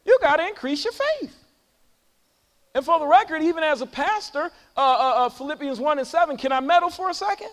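A man preaching a sermon as pastor to his church, calling out to the congregation and swinging between loud high calls and low quiet talk. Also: animated, brisk, big-room sound. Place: church sanctuary.

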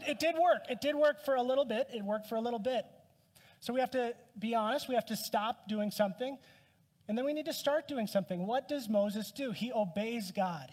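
A male pastor preaching with a fairly high, slightly husky voice. He keeps it conversational and pokes fun at himself. His words ring out with a long hall reverb behind them. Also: darkish tone. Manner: conversational, self-deprecating humor. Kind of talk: sermon.

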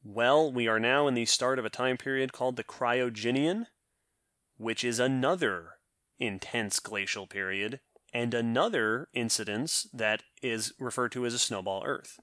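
Man, podcast co-host, explanatory, restarts mid-sentence, bright forceful tone, dry close sound. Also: mid-range voice, normal speed, no echo. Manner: explanatory, thinks aloud with restarts. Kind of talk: casual science podcast chat.

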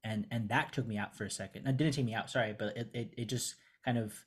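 A man's voice: medium pitch, fast, breathy edge. A man co-hosting a casual comic book review chat, earnest and searching for his words as he praises.

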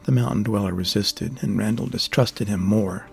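A man giving steady, measured scripted narration of a fantasy novel. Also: fairly low pitch, vocal fry, breathy edge, faint music behind. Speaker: audiobook narrator.

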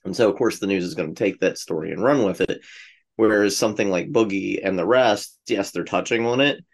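Low-voiced man explaining on a podcast. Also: vocal fry. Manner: measured, explains with many "like"s. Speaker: podcast co-host. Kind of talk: casual chat.

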